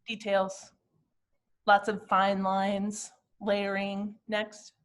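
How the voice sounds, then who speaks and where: A woman in her fifties speaks at an ordinary middle pitch, talking through slides of her glass art. Her delivery is reflective and halting, with the personal tone of someone explaining what each piece means to her. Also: monotone. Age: 50s. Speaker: glass artist presenting her work.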